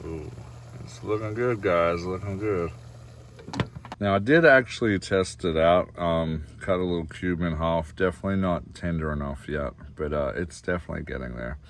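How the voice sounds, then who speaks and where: This Australian man has a low voice and talks fairly quickly, with hardly any pauses, while a faint hiss or hum sits underneath. He casually vlogs his cooking from inside a camper van, rambling with lots of fillers and addressing viewers as "guys."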